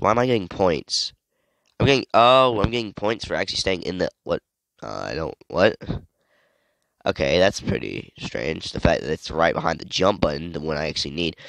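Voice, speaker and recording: A man's voice: deep voice, creaky, fairly bright tone, no room sound. A sick young man rambling through casual gameplay commentary, easily distracted and breaking into sudden yelps. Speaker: gaming video creator.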